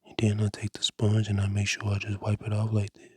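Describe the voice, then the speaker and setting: A man whispering slowly through an ASMR cleaning video indoors, repeating the same short phrases over and over. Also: fairly low pitch, completely flat delivery, a little mellow, husky, no room sound, studio quality. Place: indoors at a rented home.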